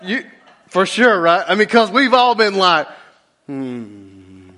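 A middle-aged man preaching a sermon as a pastor, in a relaxed conversational way with lively asides. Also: sits high, normal speed.

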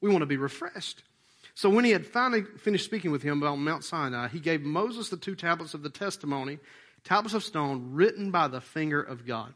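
Guy preaching, chatty then suddenly punchy and loud, fairly high voice. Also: fairly quick. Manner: lively, conversational preaching with sudden loud emphatic bursts; leads the congregation in breathing exercises. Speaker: pastor. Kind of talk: sermon.

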